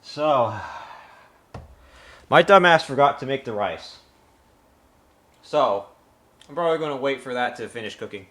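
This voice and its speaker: A man's voice: mid-range voice, expressive, unhurried, long pauses, sharp tone. Winded man rambling while cooking on stream. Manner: rambling, swears often, reads recipe aloud. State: out of breath. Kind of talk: casual live-stream chat while cooking.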